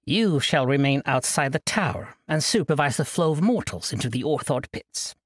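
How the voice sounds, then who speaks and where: A man's voice: mid-range voice, lively intonation, normal speed, husky, no room sound, studio quality. A man voicing a cruel, commanding demon queen in an audiobook, with a silky, imperious manner.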